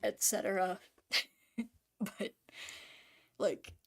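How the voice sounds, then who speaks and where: A woman's voice: mid-range voice, little pitch movement, extremely slow, creaky, a little mellow. Rambling, profane woman ranting. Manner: rambling, profane, many restarts and trailing-off fillers. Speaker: artist ranting on camera. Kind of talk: casual spoken rant.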